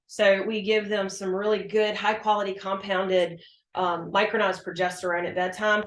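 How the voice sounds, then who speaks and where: A woman practitioner talks through her work in a casual, emphatic interview style, often slipping into her patients' voices and her own replies. Her voice sits at an average pitch, and the room adds a noticeable echo. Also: fairly even intonation, brisk. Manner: chatty, emphatic, acts out patient exchanges. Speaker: hormone health practitioner. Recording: roomy echo.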